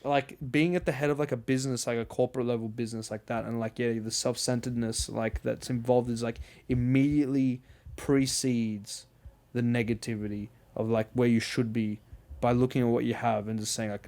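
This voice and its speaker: Podcast host guy, middle pitch, rambly and sweary, chatting loose. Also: steady tone, brisk, a little mellow. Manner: rambling, swearing, laughs and acts out quotes. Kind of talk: casual podcast chat.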